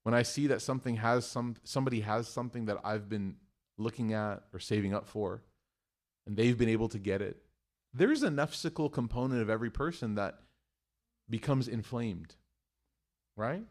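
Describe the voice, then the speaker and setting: A middle-aged man giving a religious talk, telling a family story in an animated way, acting out quotes and using Arabic phrases. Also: lowish voice, normal speed. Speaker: Muslim speaker.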